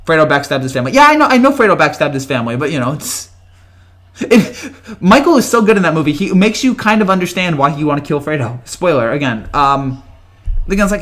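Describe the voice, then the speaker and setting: A man with a slightly raised voice hosts a casual live chat from home. He rambles through viewer comments, restarting sentences and chuckling often, and keeps his voice low so he doesn't wake the house. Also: big pitch swings, fairly quick. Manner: talks quietly to avoid waking family. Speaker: host.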